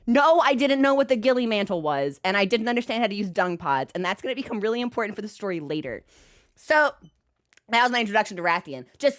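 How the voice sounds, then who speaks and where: A woman's voice: on the high side, fairly bright tone. A woman streamer telling a comic story in a casual, profane, exasperated way, exaggerating for laughs.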